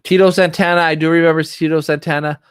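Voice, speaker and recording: A middle-aged man hosts a casual livestream hangout from a close mic. His voice sits a little higher than most men's, and the room sounds dry and dead. He rambles and gets excited easily. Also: fast, clean tone, dry recording. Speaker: livestream host. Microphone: streaming setup, close mic.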